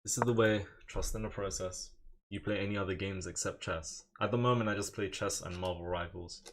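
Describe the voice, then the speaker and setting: A young man streaming chess live, chatting with viewers in a fairly low voice. He jokes, brags and answers chat questions as he plays. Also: steady tone, a little fast, a little hiss or hum. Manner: joking, boastful, reads out chat.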